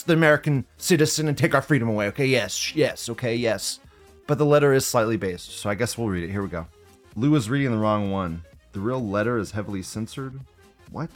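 A man's voice: medium pitch, fairly bright tone. A man hosting a casual news commentary show, profane and sarcastic, ranting as he talks. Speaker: host.

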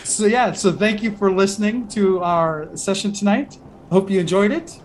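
A man's voice: high voice, moderate pace, a little hiss or hum. A man running a tabletop game as game master, narrating in a rambling way with many fillers.

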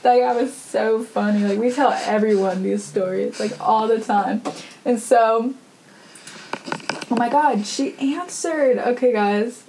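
A woman's voice: on the high side, takes it slowly, noisy background. A young woman hosting a podcast, telling a story in a chatty, casual way full of fillers and laughter. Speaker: podcast host.

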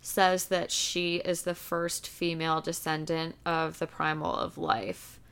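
Slow, creaky, bright-voiced woman. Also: sits low, little pitch movement. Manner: unhurried and polite, asks questions. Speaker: book podcast co-host. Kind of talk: casual book discussion.

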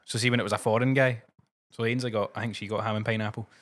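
A man's voice: on the low side, little pitch movement, racing, a bit bright. A Scottish man co-hosting a podcast, telling stories in a laid-back, dry way. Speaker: podcast co-host, musician. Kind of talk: casual chat.

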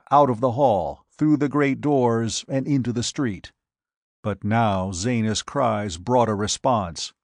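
A man reading a pulp adventure aloud as narrator, with a measured, dramatic delivery. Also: medium pitch, dry recording, studio quality. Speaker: audiobook narrator. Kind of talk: scripted narration.

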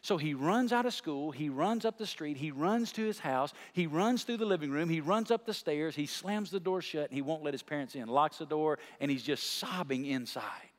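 Man, preacher, high voice, storytelling, shouted climaxes, long hall reverb. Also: moderate pace, few pauses. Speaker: pastor. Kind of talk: sermon.

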